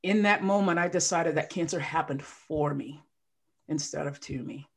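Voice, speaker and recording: A woman's voice: deep voice, moderate pace, gravelly, slightly rough. A woman life coach, a podcast guest, telling her story with feeling and acting out what people said. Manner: emotional, animated storyteller who acts out quotes. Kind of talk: casual podcast interview.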